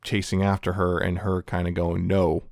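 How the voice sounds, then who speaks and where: Podcast co-host, male, lowish voice, dry close mic, loose rambling recaps. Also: a little mellow, no echo. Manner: rambling, recaps plots with quick acted quotes and laughs. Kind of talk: casual chat reviewing anime.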